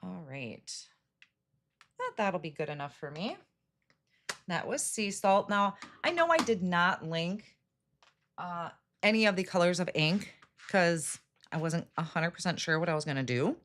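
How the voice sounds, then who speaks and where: This middle-aged craft streamer chats her way through a casual card-making demo, greeting viewers by name and laughing when she slips up. Her lowish, expressive voice is a bit bright, measured in pace, with frequent pauses.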